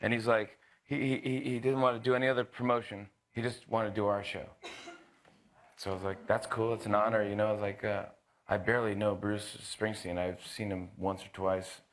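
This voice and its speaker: Animated man telling a story with restarts. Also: fairly low pitch. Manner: animated storyteller, quick impressions, frequent laughs and restarts. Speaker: late-night talk show host telling a story. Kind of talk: casual anecdote.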